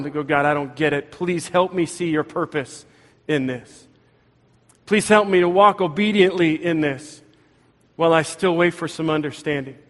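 A man's voice: a little high, long reverb tail. A man preaching a sermon as pastor, earnest and conversational, speaking in a church sanctuary.

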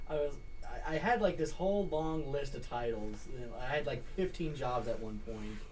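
A man's voice: medium pitch, moderate pace, darkish tone, a little hiss or hum, rough recording. A man guesting on a casual podcast, with a mid-range voice. He chats easily and throws in dry jokes. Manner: joking, wry.

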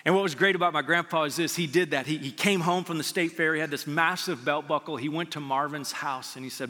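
A man's voice: on the high side, quick pace, few pauses, pushed and bright, in a large hall. A man preaching a sermon as pastor, telling stories earnestly and building to emphatic peaks. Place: church sanctuary.

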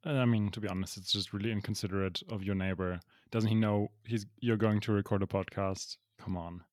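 A man's voice: fairly low pitch, steady tone, brisk, a little mellow, no echo. A man co-hosting a podcast from his apartment, chatting casually and often poking fun at himself. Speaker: podcast co-host. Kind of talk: casual chat.

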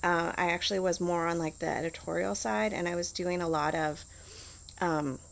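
Middle-aged woman, low gravelly voice, chatty, lots of likes and restarts. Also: fairly even intonation, moderate pace. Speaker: guest. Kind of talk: casual interview talk.

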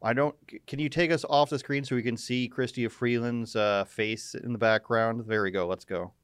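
A man's voice: medium pitch, fairly even intonation, normal speed, clear, resonant tone, no echo, studio quality. A man hosting a casual live news show, joking and sarcastic, with rambling asides. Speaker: live stream host.

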